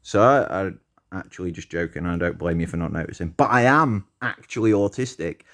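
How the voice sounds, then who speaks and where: A man's voice: low-pitched, a little fast, a bit bright. A man ranting to his channel, heated, argumentative and full of swearing. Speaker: channel host. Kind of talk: ranting monologue vlog.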